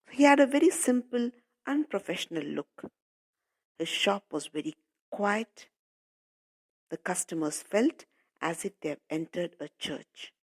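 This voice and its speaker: Woman teacher with a low, lively voice. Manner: patient, repeats and paraphrases, addresses pupils as children. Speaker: English teacher. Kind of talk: explaining a story to schoolchildren.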